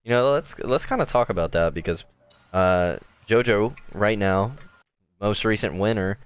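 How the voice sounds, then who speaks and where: A man's voice: on the low side, moderate pace, clear, resonant tone. A man casually commentating an online sim race as host, with lots of fillers. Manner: casual, filler-heavy play-by-play.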